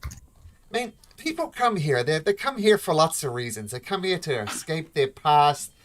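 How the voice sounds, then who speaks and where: A game master voicing a bossy, folksy female dwarf shopkeeper, pitched up from their own voice. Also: very animated, measured pace. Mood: chatty. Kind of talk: tabletop role-play voice.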